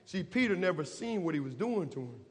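A man preaching a sermon in a church, impassioned and rising to shouts. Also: sits high, sing-song, brisk. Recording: long reverb of a church hall.

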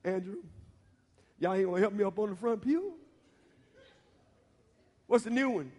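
A man preaching a sermon in a church, bantering with the congregation and building to loud preaching. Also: high voice, lively intonation, moderate pace. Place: church sanctuary. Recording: long reverb of a church hall.

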